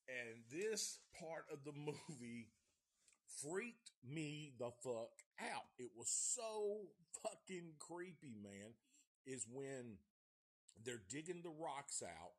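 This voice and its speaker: A man's voice: fairly low pitch, animated, unhurried. A man giving a rambling, heavily profane review of an old horror film. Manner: profane, rambling, restarts often. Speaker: movie reviewer.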